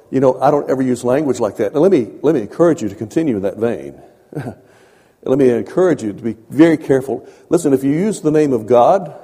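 A man preaching a sermon in a conversational way, repeating phrases and swinging from soft asides to emphatic points. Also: mid-range voice, husky, big-room sound.

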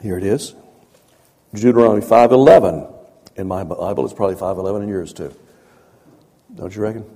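A man preaches a sermon, talking to his listeners like a conversation and repeating phrases as he builds his points. His voice is mellow and a little husky, dropping to soft asides and rising to emphatic lines. The sound carries a long reverb like a large hall. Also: fairly low pitch, brisk, long pauses.

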